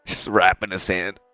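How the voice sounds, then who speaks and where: A man's voice: sits low, dry recording. A man hosting a casual trading live stream, talking straight to his chat in a loose, joking way and swearing often.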